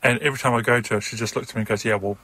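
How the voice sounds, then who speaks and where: A man's voice: medium pitch, steady tone, very fast, bright, forceful tone, poor audio. A man talking as a podcast guest, with a wry, darkly humorous way of telling stories. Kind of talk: casual chat.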